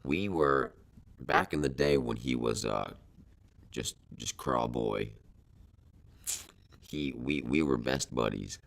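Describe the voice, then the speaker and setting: A man's voice: very deep voice, expressive, slow pace, gravelly, pauses often, a bit bright. A man co-hosting an improvised comedy podcast, telling absurd stories in a rambling, stammering way. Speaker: podcast co-host.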